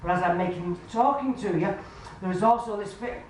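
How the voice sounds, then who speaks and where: In a club function room, a woman working as a spiritualist medium reads live for an audience, her mid-range voice fairly quick and a little mellow. Homely and chatty, she calls the sitter sweetheart and love, forever asking "do you understand, please?" The sound is very echoey, distant and faintly noisy.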